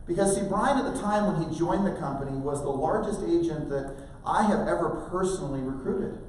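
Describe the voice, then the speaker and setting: A man in his forties delivers a motivational talk to a room, slightly high-pitched and animated, acting out the voices in his stories. He sounds far from the microphone in a very echoey hall with a faint hiss. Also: brisk. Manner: animated storytelling, acting out quoted dialogue. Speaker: motivational speaker at a real estate training event. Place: large conference room.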